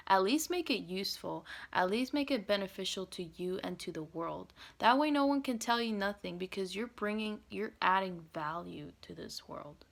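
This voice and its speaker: A woman's voice: medium pitch, vocal fry. Blunt woman venting, profane and rambling. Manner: swings between loud outbursts and hushed whispered asides. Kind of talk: emotional venting monologue.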